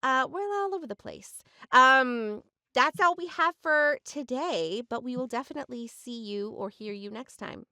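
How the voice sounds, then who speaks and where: A woman's voice: sits high, expressive, normal speed, hardly any pauses, bright, forceful tone, no echo, clean studio sound. A woman in her sixties with a New Zealand accent, hosting a casual podcast and wrapping up the show in an upbeat way. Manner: upbeat, wraps up with plugs and thanks. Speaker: podcast host. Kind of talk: casual chat.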